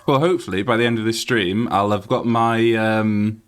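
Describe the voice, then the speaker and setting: A British man streaming a game and chatting to his viewers. His voice sits a little low, but he gets excitable, laughs often and swears freely. It is loose, unscripted live-stream talk. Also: clean tone. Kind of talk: live-stream chat while gaming.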